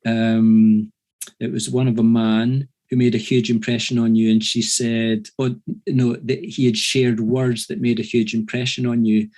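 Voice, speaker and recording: A man's voice: medium pitch, flat delivery, unhurried, a little mellow. A man hosting a talk's Q&A, friendly and a bit hesitant, with light teasing. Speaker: event host moderating Q&A. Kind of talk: casual moderating.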